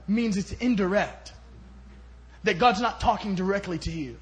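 A man preaching a sermon at a church service as a guest speaker, telling stories and swinging between loud bursts and soft asides. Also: high-pitched, fairly quick.

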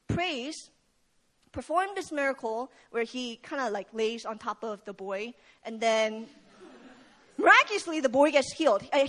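Young woman, high voice, casual sermon storyteller with a lot of fillers. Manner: retells the story with acted quotes, casual fillers. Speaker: speaker at a prayer meeting.

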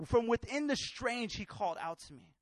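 High-voiced preacher, hushed to shouting. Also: male voice, expressive, moderate pace, dry recording. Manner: swings from hushed to loud, acts out voices. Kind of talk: sermon with personal story.

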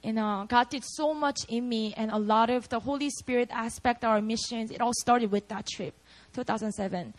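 A woman's voice: a little high, moderate pace, poor audio. A young woman preaching a casual, storytelling sermon, chatty and full of "like" and "you know". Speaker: preacher at a prayer meeting.

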